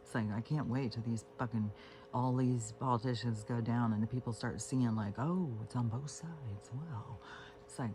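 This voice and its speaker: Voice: medium pitch, normal speed. Rambling, cursing home vlogger. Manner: profane, meandering, frequent fillers and restarts. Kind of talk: casual rambling monologue. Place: at home on a couch with pets.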